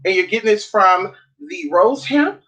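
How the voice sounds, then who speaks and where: A sassy woman vlogging into her phone in her home kitchen, with a bright, sharp voice. She chats casually and profanely, calling viewers girl and honey. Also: medium pitch, expressive, moderate pace, rough recording. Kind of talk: casual chat to camera.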